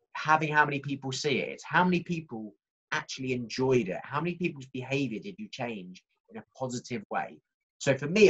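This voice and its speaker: A man presenting a marketing workshop in a lively, conversational way, talking straight to his audience. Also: mid-range voice, slightly rough, highs cut off.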